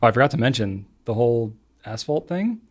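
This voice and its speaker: A man's voice: medium pitch, sing-song, brisk. Man, American accent, podcast co-host, casual chat, rambling, easygoing. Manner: chatty, laughs often, trails off with ums.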